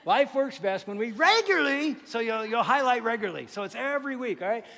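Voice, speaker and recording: High-voiced pastor preaching in a reverberant hall. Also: male voice, fast, creaky. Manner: lively, joking, asks the congregation questions. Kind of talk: sermon. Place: church sanctuary.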